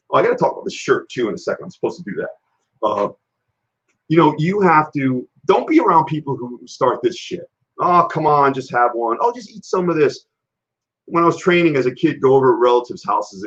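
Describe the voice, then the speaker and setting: A man hosting a casual live-stream health show, telling blunt, rambling stories. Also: medium pitch. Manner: rambling, animated, blunt storytelling. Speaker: health and fitness show host. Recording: dull lo-fi live-stream audio.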